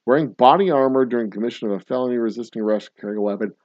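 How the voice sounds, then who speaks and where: A man's voice: medium pitch, very fast, a little mellow, no echo. A man hosting a casual livestream, reading a news story and riffing on it in a profane, incredulous way, in a dull, dry lo-fi recording. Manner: profane, incredulous, laughing riffs. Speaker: host.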